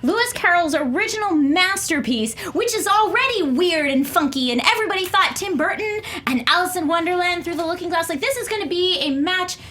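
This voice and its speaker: A young woman making her case on a comedy debate panel. Her voice is high and bright, and she is lively and opinionated, tossing in quick asides.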